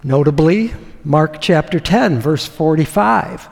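Male pastor, sermon, high animated voice, unhurried delivery, reverberant hall sound. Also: gravelly. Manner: conversational, asks the audience questions, with deliberate pauses.

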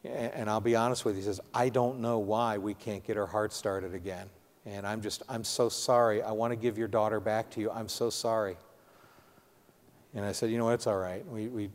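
A middle-aged man preaching a sermon testimony in an earnest, halting storytelling manner, speaking directly to his audience. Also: mid-range voice, a little mellow. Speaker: preacher sharing a personal testimony. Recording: long hall reverb.

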